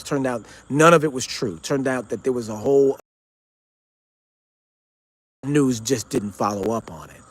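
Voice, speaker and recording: A man's voice: medium pitch, slight background noise. A man hosting his own show, telling a story in a rambling, conversational way with lots of fillers and restarts. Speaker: show host recounting an encounter. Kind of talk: casual storytelling monologue.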